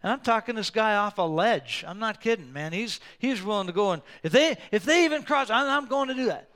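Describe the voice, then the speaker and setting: Male pastor, high voice, smooth and resonant, lively storyteller who booms at key points. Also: fairly quick. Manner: animated storytelling, sometimes roaring for emphasis. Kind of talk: sermon.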